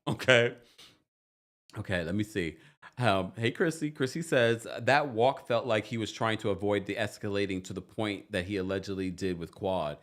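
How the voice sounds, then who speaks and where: A man hosting a reality TV recap livestream, chatting casually, reading viewer comments and laughing often. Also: normal speed. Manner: animated, laughs often, jumps into high squeals. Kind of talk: casual livestream chat reading super chats.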